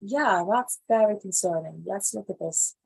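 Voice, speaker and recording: A woman hosting a live animal news show, reading stories aloud and reacting to them in casual, animated commentary. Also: medium pitch, measured pace, vocal fry, breathy edge. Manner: animated, reacts loudly then drops to quiet asides.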